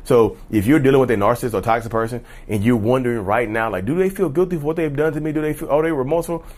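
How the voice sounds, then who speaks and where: A man's voice: mid-range voice, fast talker. A man in a casual vlog monologue, blunt and emphatic, swearing freely and calling his viewers "y'all.". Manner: grows loud and heated. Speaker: vlogger on personality disorder.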